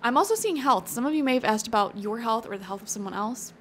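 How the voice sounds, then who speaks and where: A woman's voice: a little high, animated, fast talker, slight background noise. A woman giving a casual, encouraging tarot reading, chatty and thinking aloud with fillers. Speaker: tarot reader.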